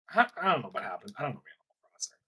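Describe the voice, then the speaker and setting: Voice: mid-range voice, sing-song, very fast, pushed and bright, husky. A commentator chatting casually on a live stream, curious and full of questions, with frequent "like"s. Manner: curious, asks lots of questions, fillers of "like". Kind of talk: casual chat.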